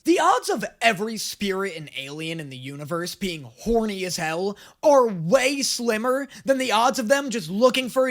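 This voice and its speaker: Jokey young man reacting to anime. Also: sits high. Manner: jokey, crude, excitable. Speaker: reaction video host. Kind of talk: casual anime reaction commentary.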